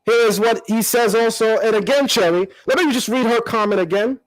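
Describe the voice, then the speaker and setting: A man with a high, bright speaking voice, recorded dry and close to the mic. He answers a critic in a combative commentary, repeating his key words for emphasis. His tone stays lively and pointed. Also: brisk, few pauses, no room sound, rough recording. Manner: animated, combative, emphatic repetition. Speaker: channel host. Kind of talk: confrontational commentary vlog.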